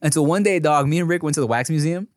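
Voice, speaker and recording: This podcast co-host, an American man in his thirties, keeps the casual chat loose and profane, with frequent laughter. He talks fast in a high-leaning voice, and the studio sound is clean with no echo.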